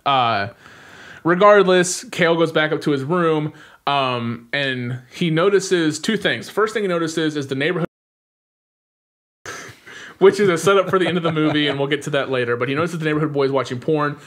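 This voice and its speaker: A young man with a slightly high voice chats casually on a podcast. He retells scenes with animation, acting out bits of dialogue and laughing easily. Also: normal speed. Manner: animated retelling, acts out quotes, laughs often.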